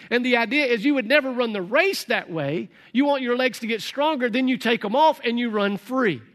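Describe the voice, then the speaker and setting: A man's voice: high-pitched, a bit bright. A man preaching a sermon as pastor, conversational, with folksy asides to the congregation.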